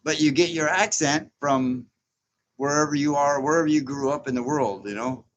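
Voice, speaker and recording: A man's voice: fairly high pitch, normal speed, a little hiss or hum. A man in his sixties chatting casually as host of a livestream, reading viewer comments aloud, rambling and chuckling often. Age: 60s. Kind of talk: casual live chat.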